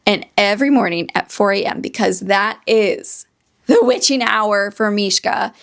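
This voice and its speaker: A woman's voice: medium pitch, a little slow, vocal fry. A woman hosting her own podcast, telling a story casually and rambling off into tangents. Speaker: podcast host.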